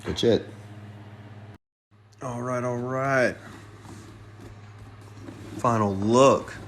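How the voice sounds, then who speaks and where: Laid-back, slow-talking man vlogging sneakers. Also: medium pitch, slight background noise. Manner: loose and profane, muttering asides. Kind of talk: casual unboxing vlog.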